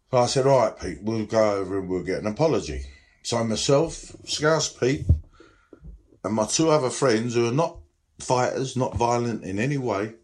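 A middle-aged man, a former nightclub security boss, telling his story in an interview with frank, rambling restarts. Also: fairly low pitch.

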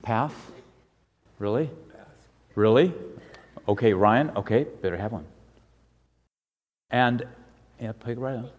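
A middle-aged male pastor speaks in a gentle, conversational way, leading a children's sermon and prayer. His pace is slow and relaxed, with a mid-range voice. The sound hangs in the long reverb of a church sanctuary. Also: medium pitch, muffled recording.

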